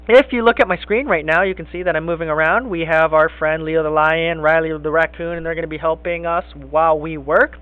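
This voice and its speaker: A man teaching a kindergarten phonics lesson, speaking slowly and encouragingly in sing-song teacher talk. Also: fairly high pitch. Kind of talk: recorded classroom phonics lesson. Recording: tinny phone-like lo-fi sound.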